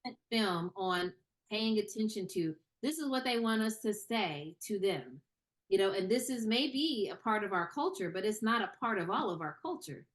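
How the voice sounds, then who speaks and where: Casting: young woman guest, casual and animated, lots of "you know". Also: mid-range voice, normal speed. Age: young adult. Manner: animated, many fillers and repeated starts. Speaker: screenwriter and actor, interview guest. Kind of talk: casual interview conversation.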